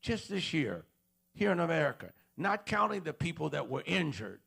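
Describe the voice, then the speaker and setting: A man preaches a sermon in a church auditorium, asking the congregation questions again and again. His voice is rough and gravelly with a husky edge. He speaks a little higher than most men. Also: sing-song, normal speed, a bit bright. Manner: call-and-response preaching, repeats questions to the congregation. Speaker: pastor.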